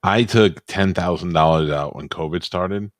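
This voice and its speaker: A man with a low, heavy voice chats loosely on a podcast and peppers his stories with profanity. The sound is close and dry, with no room around it. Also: normal speed, no room sound. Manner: profane, storytelling banter. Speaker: podcast co-host. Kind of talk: casual chat.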